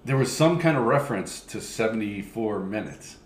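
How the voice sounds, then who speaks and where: Low voiced guy on a podcast, halting, trails off, a little background hiss. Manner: relaxed, halting, with fillers and trailing sentences. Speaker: podcast co-host. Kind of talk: casual chat.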